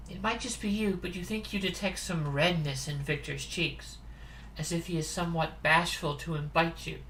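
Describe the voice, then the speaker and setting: A woman's voice: fairly low pitch, moderate pace, a bit bright, slight background noise, rough recording. A woman streamer reading a dating sim aloud, chatty with amused asides.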